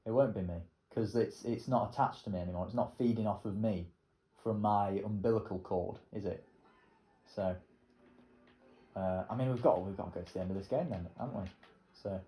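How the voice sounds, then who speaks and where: A man's voice: lowish voice, fairly quick, mellow, reverberant. A young man, rambling casually and swearing as he comments while playing a racing game. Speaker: gaming video creator.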